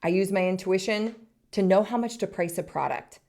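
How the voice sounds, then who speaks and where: A woman in her thirties hosting a solo podcast, earnest and encouraging, speaking in short soft phrases. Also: mid-range voice, moderate pace. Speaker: podcast host.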